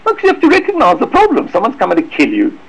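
A man giving an emphatic religious lecture, sprinkling in Hebrew and Yiddish terms, with sudden high swoops for emphasis. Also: wildly swooping pitch, rapid-fire, breathy edge, low-quality recording. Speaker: rabbi giving a talk. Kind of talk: Torah lecture.

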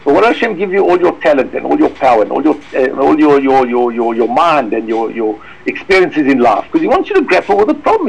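A man giving an emphatic religious lecture, sprinkling in Hebrew and Yiddish terms, with sudden high swoops for emphasis. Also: gravelly, breathy edge, muffled recording. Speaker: rabbi giving a talk. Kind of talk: Torah lecture.

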